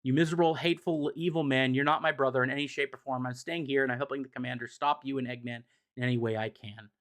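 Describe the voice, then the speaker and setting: A man voicing a hurt, defiant young woman scientist in a fast, indignant paraphrase of comic dialogue. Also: medium pitch, fairly even intonation, a bit bright, natural voice. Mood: furious.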